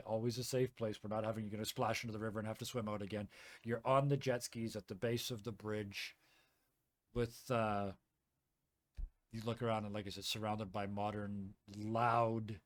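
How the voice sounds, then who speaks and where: A man narrating as game master of a tabletop game, vivid and playful with sound effects. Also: fairly low pitch.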